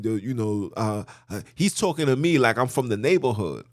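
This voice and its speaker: A man hosting a podcast in casual religious talk, telling stories in an animated way with street slang. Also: medium pitch, normal speed, no echo, clean studio sound. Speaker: podcast host.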